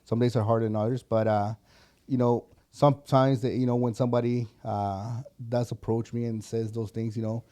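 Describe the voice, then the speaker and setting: A man speaking as a guest on a talk show, earnest and halting, often restarting and filling with "you know". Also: mid-range voice, flat delivery, dark tone. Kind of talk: casual interview conversation.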